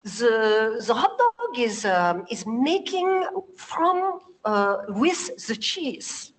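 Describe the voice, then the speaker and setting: A woman doing a halting French engineer. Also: very high-pitched, very animated, full character voice. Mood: groping for words. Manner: halting, with many uhs and restarts. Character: French male engineer, hesitant, struggling with English. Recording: long hall reverb.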